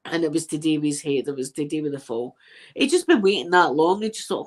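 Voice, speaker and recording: A Scottish woman casually telling funny personal stories in a lively way, swearing freely. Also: mid-range voice, fast talker. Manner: animated, swearing, laughing at own stories. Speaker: ASMR channel host.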